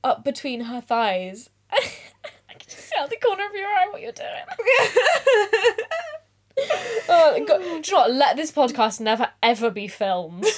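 A woman's voice: very high-pitched, lively intonation, unhurried, pauses often. A woman co-hosting a podcast, reading a steamy passage aloud and giggling as she keeps stumbling over the lines. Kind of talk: casual podcast chat and dramatic reading.

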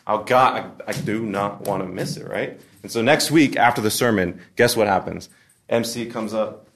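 A man's voice: on the low side, moderate pace, fairly bright tone. A man speaking casually to a live audience at a forum, storytelling with humor and frequent restarts. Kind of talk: conversational talk to a live audience. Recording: roomy echo.

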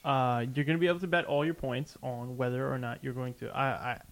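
A man's voice: medium pitch, fairly even intonation. A man hosting a game-trivia quiz on a casual podcast, running the bets and reading out a quote. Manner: hosts a betting quiz, reads a quote aloud slowly. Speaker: quiz host.

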